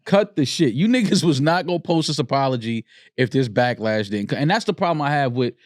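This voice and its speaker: A man's voice: mid-range voice, expressive, a little fast, no echo, clean studio sound. A man co-hosting a podcast, making emphatic points, repeating himself and swearing in casual debate. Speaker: podcast co-host.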